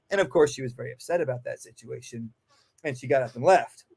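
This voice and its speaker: A man's voice: medium pitch, quick pace, creaky, darkish tone, husky. A man, a dog trainer and guest, telling stories in a casual, emphatic way with frequent swearing, acting out the voices he quotes. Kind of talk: animated storytelling in casual conversation.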